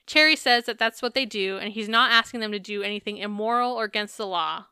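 A woman's voice: mid-range voice, fast talker, bright, forceful tone, clean tone, no room sound, studio quality. A woman co-hosting a podcast, recapping a reality show in casual, chatty talk with some swearing. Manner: chatty, profane, laughs while recapping. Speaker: podcast co-host.

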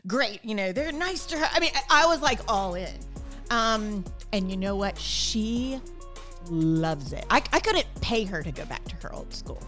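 A middle-aged woman, a podcast guest, telling stories in casual conversation and acting out quoted lines with lively energy. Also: mid-range voice. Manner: animated, acts out quoted dialogue. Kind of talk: casual storytelling interview.

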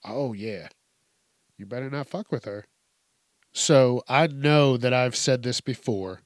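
Taking it slowly in a mid-range voice, this man hosts a casual news commentary show full of profanity. His odd stories come out animated, with plenty of cursing and laughing, on a dry, studio-quality recording.

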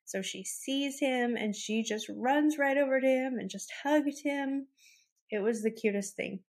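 A woman's voice: high voice, a little slow, darkish tone. A woman hosting a podcast, telling personal stories in a casual way, choked up and close to tears, laughing through it. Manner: emotional, tearful and laughing while telling stories. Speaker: podcast host. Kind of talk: casual storytelling.

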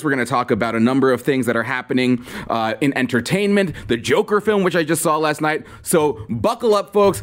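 A man hosting a political podcast, talking off the cuff in a sarcastic, animated way. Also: medium pitch. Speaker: podcast host. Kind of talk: unscripted political commentary.

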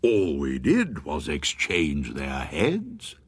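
A man voicing a calm, matter-of-fact undertaker, spoken deadpan and unhurried. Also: a bass voice, breathy edge, no echo, pitched below the performer's own voice, full character voice.

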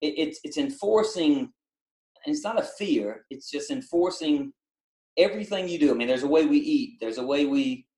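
A middle-aged man with a Southern country accent, a basketball coach and former drill instructor, talking in a casual podcast interview with many halting restarts. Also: fairly high pitch, animated, darkish tone, reverberant, low-quality recording. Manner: halting, repeats words, many fillers.

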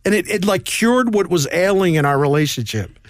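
A middle-aged male sports columnist telling stories as a guest in a casual interview, animated and quick in bursts. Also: sits high, no room sound, studio quality.

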